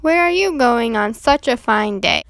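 A woman reading aloud, giving a sly wicked male wolf a soft coaxing storybook voice. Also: fairly high pitch, lively intonation, unhurried, dry recording, clean studio sound. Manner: soft coaxing voice, a growl beneath.

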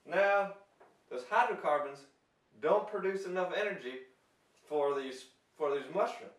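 In an amateur comedy skit, a young man with a high voice plays a cheerful, homespun mushroom scientist, speaking unhurriedly. He's folksy and chipper, with a drawl, dropped g's and corny jokes, and he's recorded from a distance with roomy echo.

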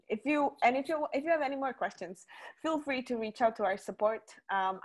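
A woman co-hosting a webinar Q&A, talking conversationally with frequent ums and restarts. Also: mid-range voice. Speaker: webinar co-host. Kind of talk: casual webinar Q&A.

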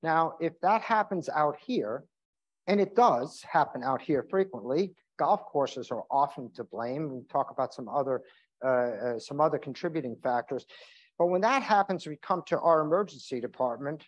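A man's voice: fairly high pitch, lively intonation, normal speed. A man giving a casual medical talk, lo-fi. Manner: conversational, with many fillers and restarts. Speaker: emergency physician giving a seminar. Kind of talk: informal health talk. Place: seminar room. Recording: dull lo-fi sound.

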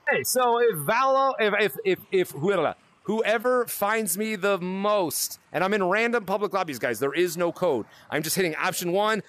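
A man hosts a casual live game session for his fans, his voice high and bright. He bounces all over his pitch range, excitable and rushing, restarting sentences as he goes. He is heard through a VR headset mic. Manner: excitable, rapid, restarts often. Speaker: gaming YouTuber hosting a fan event. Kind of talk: casual live gameplay chat.

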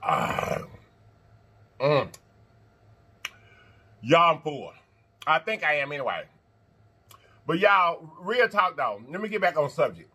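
A man hosting an eating-show vlog, chatting to viewers between bites, animated and quick to laugh. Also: on the high side, slightly rough. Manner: animated, talks straight to viewers, laughs and chants; talks while eating and blowing on hot food. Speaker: mukbang host.

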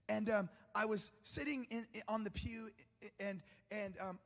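A man's voice: sits high, fairly quick, vocal fry. A man preaching a sermon as pastor, telling personal stories with humor and joking with the congregation. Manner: lively, humorous storyteller who jokes with the congregation. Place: large church auditorium. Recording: long reverb of a large church hall.

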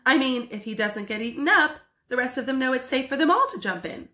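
A woman reading as an eager, dreamy middle-aged man who marvels at everything, in a bright, lively voice. It is a storybook read-aloud in an echoey room. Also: high-pitched, brisk. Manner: eager, wondering.

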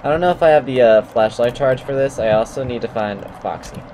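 A man giving goofy, excitable commentary while playing a horror video game, yelping at the scares. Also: medium pitch, brisk, slight background noise. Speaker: let's play gamer. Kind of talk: casual gaming commentary.

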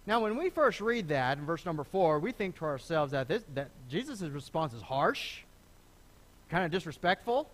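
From a church pulpit, a middle-aged pastor delivers a sermon in a high, very animated voice at a moderate pace. His pitch rises and falls as he preaches in a lively, conversational way, stumbling through repeated restarts and acting out the voices of people he quotes.

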